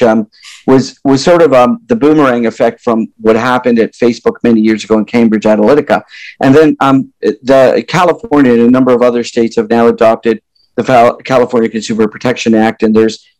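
A man's voice: medium pitch, a little mellow, no room sound, low-quality recording. A man being interviewed as a company executive, explaining ideas thoughtfully with many fillers and restarts. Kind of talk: interview conversation.

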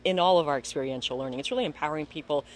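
A woman's voice: deep voice, racing, slight background noise. A woman being interviewed, talking earnestly and stressing her points by repeating them. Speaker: interview guest, foundation leader. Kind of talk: conversational interview.

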